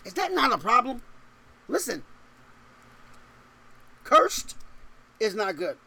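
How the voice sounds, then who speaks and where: Gravelly and husky yet extremely high, a male pastor's voice moves slowly through his sermon. He reads scripture in old-style English, then fires off rhetorical questions in casual slang, animated and laughing between points.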